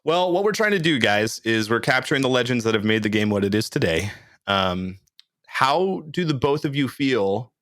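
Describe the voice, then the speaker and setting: A man's voice: mid-range voice, very animated, normal speed, fairly bright tone, dry recording, studio quality. A man hosting a gaming podcast, asking questions in a playful, joking way. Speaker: podcast host. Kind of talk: casual podcast interview.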